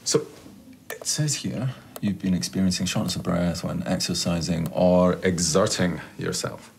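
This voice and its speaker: An actor playing a polite, measured heart consultant speaking to a patient. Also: male voice, deep voice, gravelly, slight background noise. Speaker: doctor. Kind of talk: TV soap drama acting.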